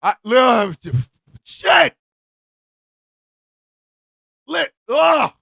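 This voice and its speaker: A male radio host with a strikingly high, gravelly voice that leaps all over the place. He drags his words out slowly in a dry, close sound, yelling and cursing through a comic rant. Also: animated, no room sound.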